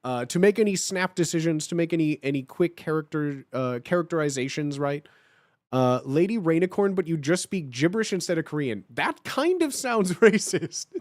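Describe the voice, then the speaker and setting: A young man hosting a live stream with a high, lively voice that jumps all over the place. He chats casually with his viewers, swearing freely and breaking into laughs. The sound is close and dry. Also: moderate pace, no room sound. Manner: animated, swears a lot, laughs often. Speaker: livestream host.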